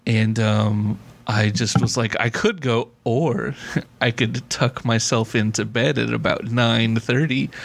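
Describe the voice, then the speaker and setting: Young male podcast host, General American with a Southern California touch, mid-pitched, rambling and laughing. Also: fairly even intonation, slow, vocal fry. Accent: General American with a Southern California lilt. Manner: rambling, laughs often, heavy use of "like". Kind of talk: casual chat.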